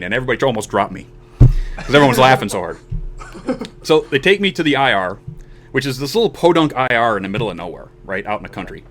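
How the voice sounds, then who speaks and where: This man in his forties hosts a podcast, spinning a long personal tale in a relaxed way while acting out the quoted voices of its characters. His mid-range voice moves briskly, broken up by long pauses.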